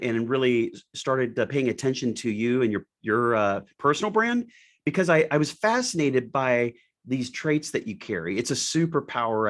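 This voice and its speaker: A man hosting an interview, thinking aloud as he builds up a long question piece by piece, his pitch jumping up on the key words. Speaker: podcast host. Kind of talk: conversational interview.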